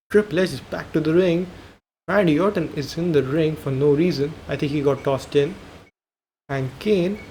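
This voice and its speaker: A man's voice: fairly high pitch, dark tone, slight background noise, low-quality recording. A young man giving casual play-by-play commentary over a video game, thinking aloud and correcting himself as he goes. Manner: thinks aloud, self-corrects, rambling asides. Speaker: gaming commentator.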